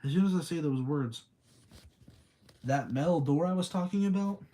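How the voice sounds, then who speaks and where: A man's voice: fairly high pitch, normal speed, dark tone. A young man rambling through a casual spooky story on a livestream, reading chat aloud between thoughts. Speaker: streamer.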